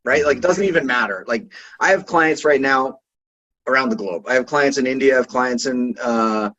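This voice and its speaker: Husky man from Boston, rambling chat. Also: mid-range voice, normal speed, sharp tone, lo-fi sound. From Boston, USA. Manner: rambling, self-interrupting, with frequent "right?" tags. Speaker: podcast guest, business consultant. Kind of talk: casual interview chat.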